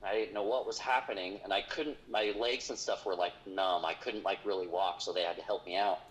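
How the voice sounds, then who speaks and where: A man who investigates hauntings, telling a long personal story in conversation, halting and full of fillers and restarts. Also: deep voice, fairly even intonation, a bit bright, rough recording. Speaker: paranormal investigator.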